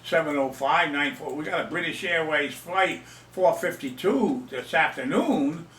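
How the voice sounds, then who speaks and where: A man's voice: fairly high pitch, expressive, a little slow, a bit bright, distant mic. An older man telling a story in a casual, rambling way. He mocks himself and repeats his phrases. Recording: echoey room, away from the mic.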